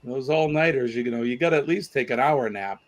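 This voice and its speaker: A man's voice: medium pitch, fairly quick. A man with a Boston accent hosting a casual trivia livestream, chatting and reading out viewer comments. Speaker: trivia show host.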